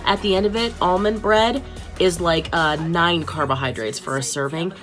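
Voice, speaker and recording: A woman's voice: on the low side, normal speed, fairly bright tone, soft background music. A woman talking to her viewers in a chatty, upbeat and candid video diary. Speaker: vlogger.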